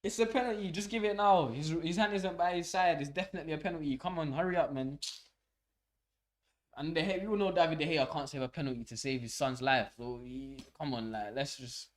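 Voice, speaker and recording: A young man hosting a live football watch-along, swearing and shouting at the match as it unfolds. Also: on the high side, brisk. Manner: swearing, excitable, shouts at the game. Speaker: fan channel host.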